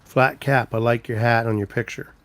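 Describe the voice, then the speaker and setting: A man hosts a casual live stream, rambling while greeting viewers by name and walking around his home with a handheld camera. His voice is medium-pitched and fairly bright, with fairly even intonation at normal speed.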